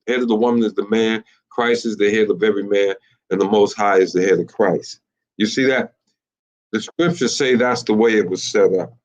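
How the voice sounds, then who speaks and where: A man, teaching in a sermon style, halting and repeating himself, with many fillers and rhetorical questions. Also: fairly low pitch, fairly even intonation. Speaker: teacher of a religious group. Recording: muffled lo-fi recording.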